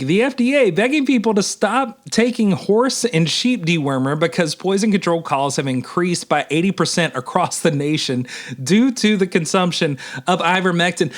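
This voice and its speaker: A male minister delivering a humorous sermon with emphatic, animated commentary, often addressing listeners as y'all. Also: high-pitched.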